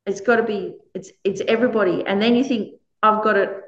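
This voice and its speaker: A woman's voice: mid-range voice, brisk, lo-fi sound. Earnest woman teaching, roomy sound. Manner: earnest and animated, with chatty asides. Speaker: Buddhist teacher. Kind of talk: conversational dharma talk.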